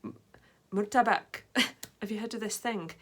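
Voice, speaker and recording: A woman's voice: mid-range voice, moderate pace. A woman vlogging in a casual, rambling way, full of fillers and side tangents. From Britain. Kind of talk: casual chat to camera.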